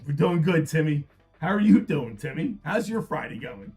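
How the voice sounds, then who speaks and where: A man hosting a live card-break stream, repeating prices and hyping the product in an upbeat sales pitch. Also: animated, normal speed, darkish tone, faint music behind. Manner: upbeat, repetitive hype.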